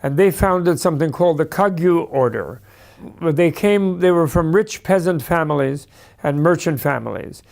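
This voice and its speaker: A man's voice: on the high side, creaky, a little mellow. A man lecturing in a discursive, anecdotal way, with asides and small stories. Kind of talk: storytelling lecture.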